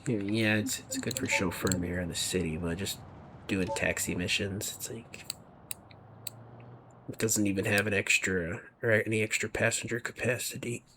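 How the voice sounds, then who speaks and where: Gravelly low-voiced man musing over gameplay. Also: fairly bright tone, slight background noise. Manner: rambling, musing, drifts to a near whisper. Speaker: gaming video creator. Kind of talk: casual commentary over gameplay.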